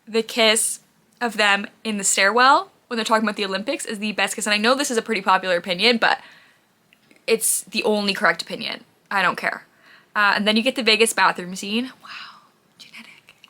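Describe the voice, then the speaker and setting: In a chatty vlog, a woman with a sharp-toned voice on the high side rambles and gushes about the things she watches. She sounds out of breath and says "like" a lot.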